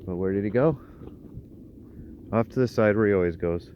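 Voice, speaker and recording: A man's voice: on the low side, moderate pace, warm tone, a little hiss or hum. A man, a dog trainer, explaining his dogs' behavior and calling to them on an outdoor walk. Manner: calls out to dogs, explains their behavior. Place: outdoors on a trail. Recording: dull lo-fi outdoor recording.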